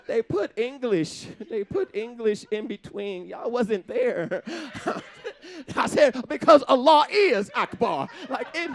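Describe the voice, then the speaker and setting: He's a male comedian doing a live set onstage, lively and animated, laughing between punchlines and switching into goofy impressions. The voice is extremely high, the delivery slow, with hardly any pauses.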